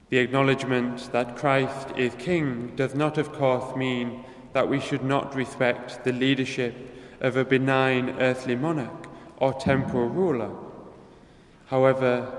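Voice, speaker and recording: A man leading prayer and preaching a homily in a slow, measured, solemn way. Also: mid-range voice. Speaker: priest. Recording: echoey church hall.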